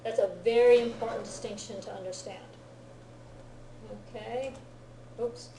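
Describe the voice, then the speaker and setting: Mellow-voiced woman teaching in an echoey classroom. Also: a little high, steady tone, measured pace, a little hiss or hum. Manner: checks understanding often with "right?" and "okay?". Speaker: Japanese language teacher. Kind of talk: classroom grammar lecture. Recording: roomy classroom echo.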